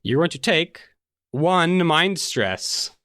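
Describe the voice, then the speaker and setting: A man's voice: a little high, expressive, slow pace, pushed and bright. A man running a tabletop game as game master, talking casually with frequent fillers.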